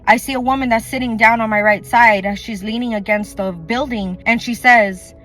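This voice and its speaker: Woman vlogger, slightly high voice, earnest and chatty storyteller, faint music bed. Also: steady tone, normal speed, a bit bright. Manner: earnest, chatty, full of "like" and quoted dialogue. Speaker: faith vlogger. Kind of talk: personal testimony storytelling.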